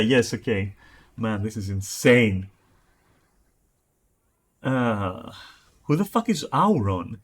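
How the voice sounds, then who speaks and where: A man's voice: lowish voice, expressive, slow, pauses often. Profane mocking male streamer. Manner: profane, mocking, reads chat messages aloud. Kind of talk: casual live-stream chat.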